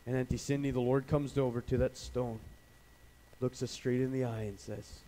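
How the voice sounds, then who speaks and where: A man from Canada preaching a sermon as pastor, telling stories with animated energy and acting out the voices of people he quotes. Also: mid-range voice, normal speed, slight background noise, rough recording.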